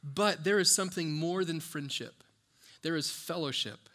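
A man's voice: fairly high pitch, normal speed, pushed and bright. A man preaching a sermon as pastor, conversational and full of rhetorical questions to the congregation. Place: church.

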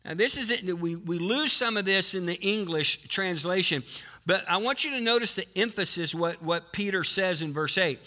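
A male pastor preaching a sermon to a live congregation, quizzing the people and switching between quick talk and slow emphasis. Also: sits high, bright, forceful tone. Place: church before a live congregation.

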